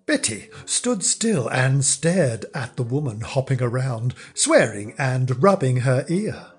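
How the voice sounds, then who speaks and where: Slow, dry male storyteller with an animated pitch. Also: slightly rough. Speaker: narrator. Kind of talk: scripted comic narration.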